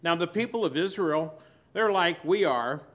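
A man preaching a sermon as pastor, swinging between loud emphasis and quiet, soft asides. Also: a little high, expressive, moderate pace.

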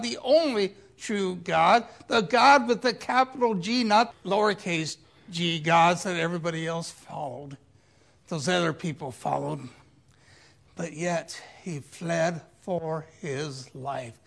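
A preacher retelling a Bible story in an animated way, with playful asides, swinging between loud emphasis and quiet reflection. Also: mid-range voice, creaky.

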